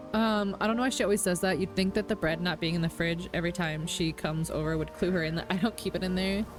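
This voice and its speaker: A woman's voice: lowish voice, moderate pace. A young woman streamer chatting casually and emotionally while she plays a game, with lots of fillers. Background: game music.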